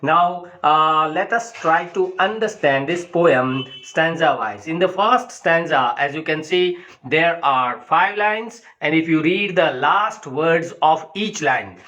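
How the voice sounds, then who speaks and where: Slow-talking literature teacher. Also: male voice, a little high, bright, forceful tone, low-quality recording. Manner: slow, patient, repeats "okay" and "you know" to check understanding. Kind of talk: explanatory poetry lecture.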